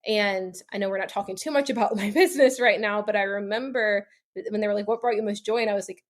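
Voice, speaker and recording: Woman in her thirties, podcast guest, casual storytelling, lots of "like", laughs along, middle pitch. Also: steady tone, fast talker. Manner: chatty, heavy use of "like", laughs often.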